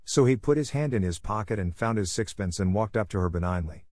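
Male audiobook narrator for a classic novel, low voice, dry close sound. Steady storytelling. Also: a little fast, no room sound.

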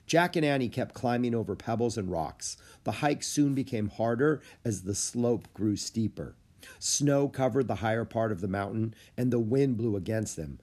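A man narrating a children's book with lively storytelling. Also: on the low side, normal speed. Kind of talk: audiobook reading of a children's book.

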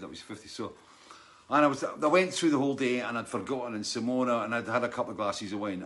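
A man's voice: mid-range voice, fairly bright tone. A man hosting a live show, chatting casually with many restarts and frequent laughs as he greets viewers by name. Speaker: host of a live online show. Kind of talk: casual chat reading out viewer names.

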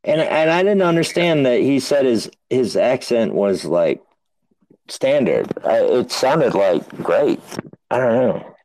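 A man's voice: mid-range voice, animated, takes it slowly, a little mellow, low-quality recording. A man hosting a podcast in casual chat, swearing and running himself down. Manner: swearing, self-deprecating. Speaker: podcast host.

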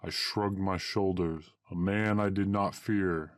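Man, story reader, deep low voice, dry close recording, archaic wording. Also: slow, no room sound. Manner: steady storytelling in archaic diction. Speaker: narrator. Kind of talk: reading a first-person adventure story aloud.

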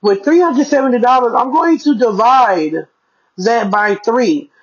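Chatty mom vlogger, dull lo-fi sound. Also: female voice, fairly high pitch, expressive, unhurried, husky. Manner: chatty, talks straight to viewers, keeps checking in. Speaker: parenting vlogger. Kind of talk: casual budgeting vlog.

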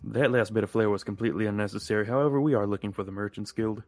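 A man playing a prim, formally spoken gentleman character in a tabletop game. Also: fairly low pitch, fairly even intonation, racing, no room sound, lightly acted. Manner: stiff, mannered formal speech. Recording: faint background music.

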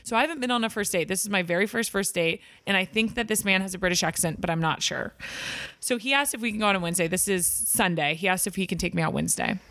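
Bright-voiced chatty young woman storyteller. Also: mid-range voice, fast talker, dry recording. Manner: chatty, many "like" fillers, animated retelling. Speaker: guest storyteller. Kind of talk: casual podcast chat.

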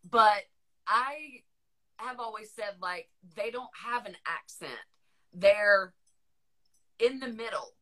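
A woman's voice: medium pitch, animated, takes it slowly, long pauses, a bit bright. A middle-aged woman with a Southern US accent, hosting a podcast in a chatty, rambling casual conversation, laughing often. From Northern Virginia, USA. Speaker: podcast host. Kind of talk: casual chat.

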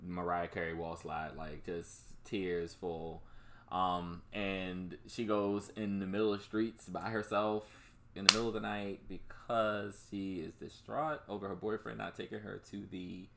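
A man's voice: low voice, flat delivery, unhurried, gravelly, slight background noise. A man casually recapping a movie plot for a co-host, rambling and swearing, with many fillers and restarts. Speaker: podcast co-host.

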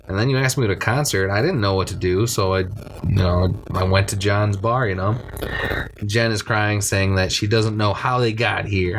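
A man's voice: fairly low pitch, noisy background. A man casually retelling a movie's scenes, rambling and swearing as he quotes the characters. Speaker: podcast co-host recapping a movie.

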